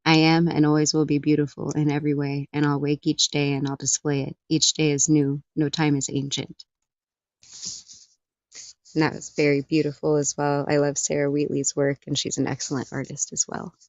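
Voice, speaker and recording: A woman with a very low voice reads a poem aloud as co-host of an online open mic. The video-call sound is dry and a little dull. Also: completely flat delivery, normal speed, dry recording. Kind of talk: reading poetry aloud.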